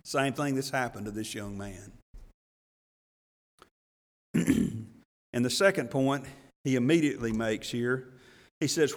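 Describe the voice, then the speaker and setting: A man preaching a sermon in a folksy, animated way, chuckling often and reading scripture in old English. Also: mid-range voice, slow pace, pauses often. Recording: preaching in a reverberant hall.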